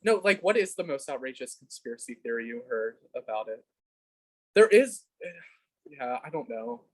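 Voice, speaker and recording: A man's voice: mid-range voice, very animated, moderate pace. A man hosting a casual podcast interview, asking blunt questions with a joking manner. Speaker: podcast host.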